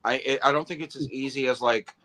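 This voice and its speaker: A man's voice: mid-range voice, fairly even intonation, fast talker, a bit bright. A man co-hosting a toy collecting livestream, giving detailed, opinionated breakdowns in casual chat.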